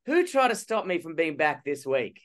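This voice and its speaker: A young Australian man co-hosts a casual podcast, telling a story full of swearing and mock outrage. His voice sits a little high and sounds sing-song and slightly bright at a normal speed. He comes through a phone or laptop call from abroad.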